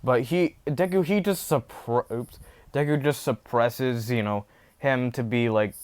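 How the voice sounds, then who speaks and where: A man's voice: mid-range voice, a little slow, a little mellow, smooth. A man casually retelling a fan story off the cuff, rambling with many fillers and self-corrections.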